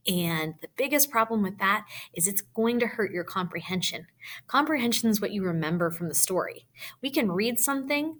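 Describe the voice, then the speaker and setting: A patient woman teacher talks young children through a reading lesson. Her tone is encouraging, and she explains things simply and clearly. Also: mid-range voice, a bit bright.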